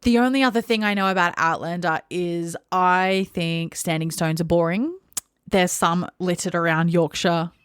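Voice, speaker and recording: Wry, lower-voiced woman co-host. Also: steady tone, moderate pace, clear, resonant tone, no room sound, studio quality. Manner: blunt, wry, teasing. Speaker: podcast co-host. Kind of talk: casual chat.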